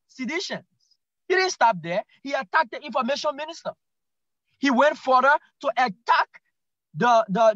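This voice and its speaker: A Liberian man with a strikingly high voice makes his case on a talk show, emphatic and repetitive, stumbling through restarts. The sound is dry and dull, a touch lo-fi. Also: a bit bright, no echo. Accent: Liberian English. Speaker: guest commentator. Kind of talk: political talk show commentary.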